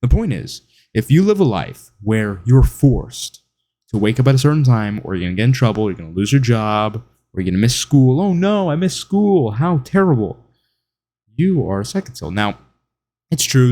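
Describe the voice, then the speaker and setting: A man with a lowish, mellow voice delivers a mocking, opinionated monologue. He talks straight to his listener and now and then slips into whiny impressions of other people. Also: a little fast. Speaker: online commentator. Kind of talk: monologue to camera.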